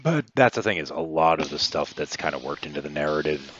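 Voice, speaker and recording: A man's voice: very deep voice, animated, fast talker, dull audio, noisy background. A man who created a tabletop game world chatting casually over a video call, with a dry, wry manner and casual swearing. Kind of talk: casual chat.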